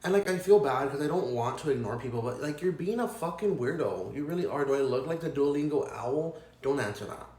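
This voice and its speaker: A young man ranting through a storytime in a loose, exasperated way, swearing freely and tripping over filler words. His voice sits at a middling pitch. The room around him rings with noticeable echo. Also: animated, a little fast, hardly any pauses, darkish tone. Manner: profane, exasperated, rambling with many likes. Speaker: vlogger. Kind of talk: casual storytime rant. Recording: echoey room.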